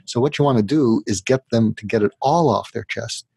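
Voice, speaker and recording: A man's voice: medium pitch, moderate pace, vocal fry, a little mellow, husky, dry recording. A man, a psychiatrist, being interviewed, who explains his method step by step and now and then acts out what a troubled patient might say. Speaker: psychiatrist guest.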